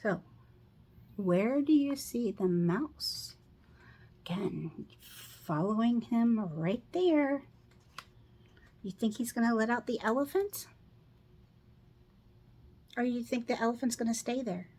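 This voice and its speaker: Middle-aged woman doing a kids picture book read-aloud, slow and unhurried, keeps asking the little ones what they see. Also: fairly high pitch, lively intonation, dark tone. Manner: slow, asks children questions. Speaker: children's book reader.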